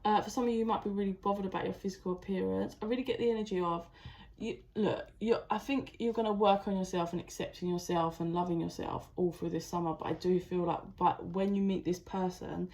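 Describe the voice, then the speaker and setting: A woman's voice: mid-range voice, fast talker. Chatty tarot-reading woman. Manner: chatty, animated, full of "like" and restarts. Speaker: tarot reader. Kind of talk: channeled tarot reading to camera.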